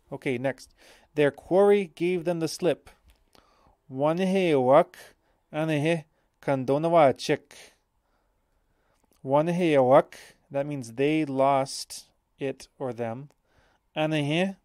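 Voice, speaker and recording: A man's voice: medium pitch, darkish tone, dry recording, clean studio sound. Man patiently teaching a language lesson. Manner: thinks aloud, self-correcting, explains patiently.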